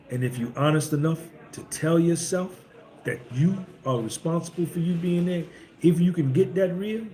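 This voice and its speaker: A man's voice: medium pitch, mellow. Blunt storytelling man, echoey room. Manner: blunt, emphatic, preachy street talk. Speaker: podcast host. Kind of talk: casual monologue storytelling. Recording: echoey room with faint background hum.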